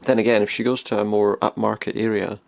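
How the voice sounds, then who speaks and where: Here a male gaming streamer chats through a role-playing game, musing aloud in laid-back let's-play style. He speaks fast in a creaky, low-leaning voice that barely moves in pitch.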